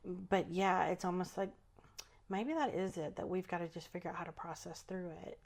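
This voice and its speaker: A woman hosting a casual spiritual chat, relaxed and chatty, often trailing off mid-thought. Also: fairly low pitch, normal speed. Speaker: podcast host.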